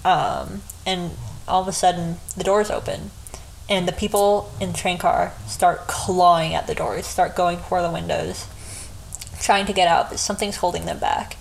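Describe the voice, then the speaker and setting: A woman's voice: on the low side, steady tone, moderate pace, creaky, slight background noise, rough recording. A woman retelling a story in a casual, chatty way, often breaking into giggles. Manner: giggly, chatty, frequent laughs.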